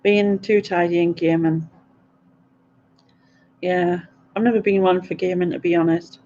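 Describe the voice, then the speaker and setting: A woman's voice: on the low side, fairly even intonation, a little slow, mellow, highs cut off. A middle-aged woman, chatting and giggling through a casual live question-and-answer stream.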